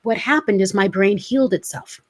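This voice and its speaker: A woman's voice: mid-range voice, normal speed. A woman in her forties, a motivational speaker, telling her personal story in an interview with earnest emotion. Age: 40s. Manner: earnest, emotional, acts out her own past words.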